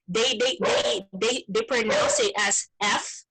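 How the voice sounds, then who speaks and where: Animated non-native English-speaking woman. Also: mid-range voice, a little slow, background noise. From Brazil. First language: Portuguese. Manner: animated, repeats words while searching for them. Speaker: meeting participant. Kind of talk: casual group chat.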